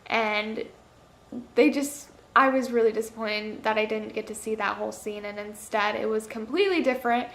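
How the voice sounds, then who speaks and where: A woman with a slightly high voice chats through a casual movie review vlog. She leans on "like" fillers and acts out her own reactions. Her voice rings around an echoey room. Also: normal speed, a bit bright.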